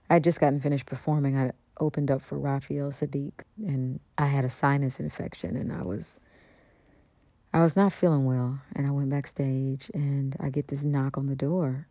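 A woman with a strikingly low, warm voice tells a personal story as a radio interview guest. She talks in an animated way, slipping into the voices of the people she quotes. The studio sound is close and dry. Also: dry recording.

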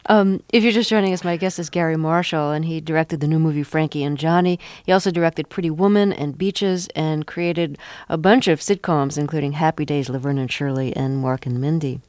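A woman's voice: low voice, fairly even intonation, brisk, few pauses, a little mellow, dry recording. A woman hosting a public radio interview, asking thoughtful, articulate questions in a dry studio.

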